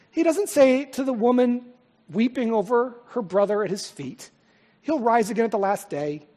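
Husky high-voiced male pastor preaching. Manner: emphatic preaching, swinging from loud to hushed. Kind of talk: sermon. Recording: long hall reverb.

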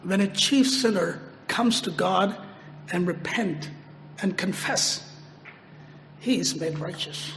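A man delivers a sermon in a high voice, taking his time over each phrase. He repeats his points for emphasis and pushes his voice up when he quotes a prayer. The hall gives a long echo, with faint room noise behind him. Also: slow, pauses often, a bit bright. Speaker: preacher.

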